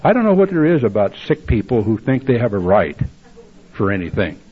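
Older guy, husky voice, blunt wry storytelling at a recovery meeting, dull lo-fi tape. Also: lowish voice, big pitch swings, a little fast. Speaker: recovering alcoholic telling his story.

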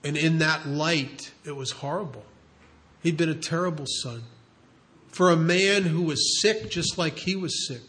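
A man's voice: on the high side, a little slow, fairly bright tone. A man telling, in earnest and emphatic tones, a story from his counseling work, putting rhetorical questions to his listeners. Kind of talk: storytelling talk.

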